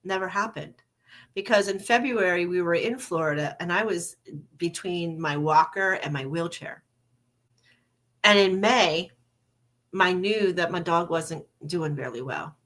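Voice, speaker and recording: A woman's voice: on the low side, measured pace, fairly bright tone. An older woman hosting her podcast in a candid, casual monologue, laughing now and then and swearing a little. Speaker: podcast host.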